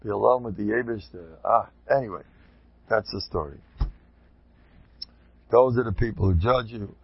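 A man giving an informal Torah talk, animated and digressive, with chuckling asides, on a dull lo-fi recording. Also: fairly low pitch, normal speed, gravelly, husky, dry recording. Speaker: religious lecturer.

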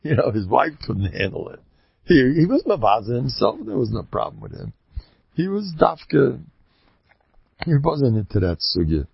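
Gravelly, animated rabbi giving a talk. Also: male voice, medium pitch, normal speed, no room sound. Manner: animated, rambling, mimics other people's voices. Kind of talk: informal religious talk. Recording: dull lo-fi recording.

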